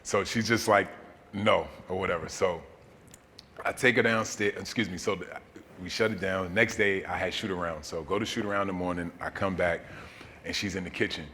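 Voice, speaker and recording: A man with a very low, bright-edged voice telling a personal story at a seminar in an easy, folksy way, dotted with fillers. The sound carries long reverb from the hall, with faint noise underneath. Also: brisk. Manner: relaxed, folksy, many fillers. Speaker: interview guest, storyteller. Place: seminar hall in a large venue.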